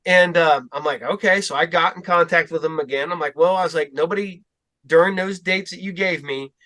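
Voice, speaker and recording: A man's voice: a little high, fairly quick, bright, forceful tone. A middle-aged man hosting a podcast, chatting casually and rambling through a story as he quotes himself and others. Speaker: podcast host. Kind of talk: casual chat.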